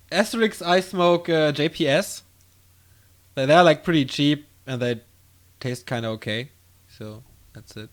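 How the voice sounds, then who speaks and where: A man casting a strategy game on his own, calling the action in quick play-by-play and rambling casually to viewers between games. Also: on the high side. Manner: excitable play-by-play, drifting into loose rambling asides between games. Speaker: esports caster. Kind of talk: solo game commentary with casual chat.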